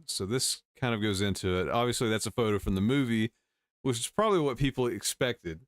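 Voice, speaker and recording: A man's voice: mid-range voice, animated, brisk, dry recording, studio quality. A male host casually reading and commenting on news stories, wry, with chuckling asides.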